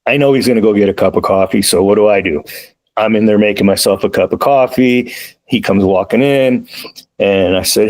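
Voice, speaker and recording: A man, a police defensive tactics trainer, talking as a podcast guest in a relaxed, anecdotal way. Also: lowish voice, a little fast, low-quality recording. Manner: relaxed, anecdotal, quotes others in lively asides. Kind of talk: casual conversational storytelling. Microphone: remote call.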